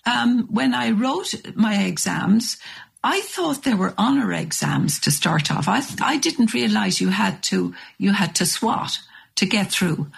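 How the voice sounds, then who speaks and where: An older Irish woman, a radio interview guest, telling stories in a lively anecdotal way. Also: vocal fry, breathy edge. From Ireland. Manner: lively anecdotal telling, rising high when excited.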